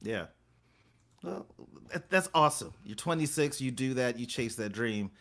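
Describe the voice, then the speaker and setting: A man's voice: medium pitch, lively intonation, moderate pace, creaky, sharp tone. A middle-aged man co-hosting a casual podcast chat, frank with his opinions and laughing often. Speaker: podcast co-host.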